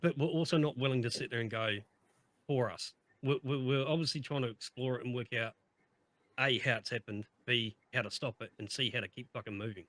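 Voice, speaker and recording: A man's voice: mid-range voice, steady tone, fast talker, fairly bright tone. A man chatting on a podcast, emphatic and upbeat, repeating himself and swearing heavily. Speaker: streamer on podcast. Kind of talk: casual chat.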